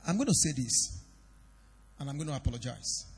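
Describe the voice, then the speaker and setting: A pastor preaching a sermon in a church hall, swinging between loud declarations and quiet confiding. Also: male voice, medium pitch, lively intonation, fairly quick, creaky, slightly rough. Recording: long reverb of a church hall.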